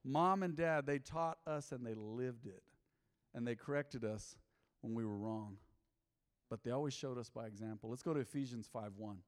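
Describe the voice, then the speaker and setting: Emphatic male pastor in a reverberant church. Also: moderate pace. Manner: emphatic, big swings in pitch and loudness; calls for congregation responses. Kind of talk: sermon. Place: urban church. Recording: long hall reverb in a church.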